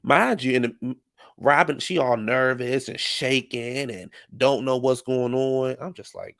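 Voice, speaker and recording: A man's voice: medium pitch, measured pace, creaky, a bit bright. A man giving casual, sassy reality-TV recap commentary, full of slang like "child" and "honey.".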